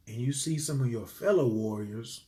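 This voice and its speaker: A man talking casually on a livestream to his viewers, animated and preachy, swearing freely and swinging between loud outbursts and quiet murmurs. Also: mid-range voice. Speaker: livestream host. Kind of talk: casual live-stream talk to viewers.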